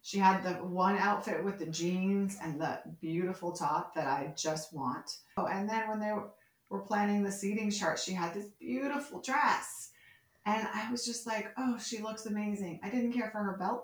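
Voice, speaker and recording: A woman's voice: medium pitch, normal speed, echoey room. A woman co-hosting a podcast, chatting casually and acting out the characters' lines as she recaps scenes. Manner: animated, quotes characters as she retells scenes. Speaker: podcast co-host. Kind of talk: casual chat recapping a soap opera.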